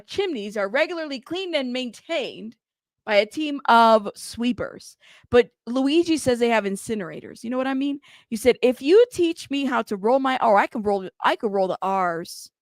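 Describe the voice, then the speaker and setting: Chatty, playful woman with a gravelly voice. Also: fairly high pitch, dry recording, clean studio sound. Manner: chatty and playful, laughs often, reads out comments. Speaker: host of a news commentary livestream. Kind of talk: casual live commentary reading chat.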